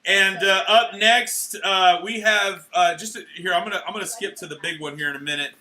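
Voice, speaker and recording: A young man emceeing a church awards night, handing out certificates in an energetic, playful way, cheering and joking with the crowd. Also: high voice, fairly quick, a little hiss or hum. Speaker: youth pastor handing out awards. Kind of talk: live church event emcee. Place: church hall at a live event.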